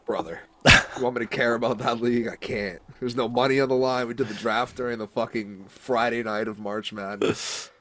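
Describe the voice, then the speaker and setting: A man's voice: medium pitch, fairly even intonation, brisk, a little hiss or hum. A man co-hosting a sports show, talking bluntly and profanely in casual heated rants.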